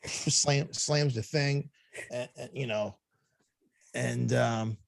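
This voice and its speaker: A man's voice: mid-range voice, fairly even intonation, slow pace, vocal fry, dry recording. A man telling a casual story on a podcast, swearing freely, laughing often and acting out the voices of the people in it. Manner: profane, laughing, acts out quoted voices. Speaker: podcast co-host.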